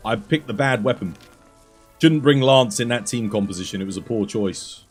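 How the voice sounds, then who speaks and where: A hoarse man, losing his voice, giving chatty, self-deprecating commentary while coaching other players through a game. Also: fairly low pitch, moderate pace, faint music behind. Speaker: gaming streamer coaching players. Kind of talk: casual gameplay commentary.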